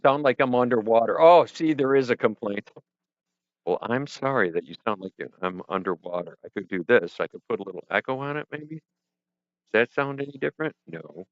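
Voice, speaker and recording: A man's voice: medium pitch, lively intonation, brisk, no echo. Man, livestream host, rambling and self-deprecating, dull muffled audio, dry close sound. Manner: rambling, self-deprecating, talks to chat and himself. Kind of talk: casual livestream chat. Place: home studio. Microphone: headset or desk mic with headphones.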